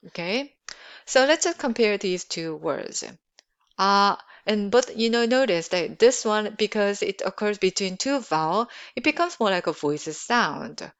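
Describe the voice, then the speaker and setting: A woman's voice: medium pitch, expressive, measured pace. A woman teaching pronunciation, patiently repeating syllables for practice. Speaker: Korean language teacher. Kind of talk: pronunciation lesson.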